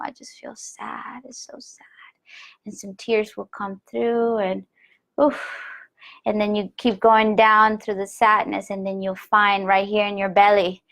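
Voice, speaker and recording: A woman with a mid-range voice leads a spiritual lesson over a live online call, her gentle, soft speech frequently sinking to a whisper as she slowly repeats phrases.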